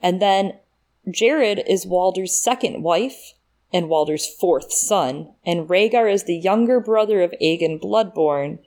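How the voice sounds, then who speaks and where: Low-voiced woman breaking down details. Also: unhurried, darkish tone. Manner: thinks aloud, breaks down details with fillers and laughs. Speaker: podcast co-host. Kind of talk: casual chat.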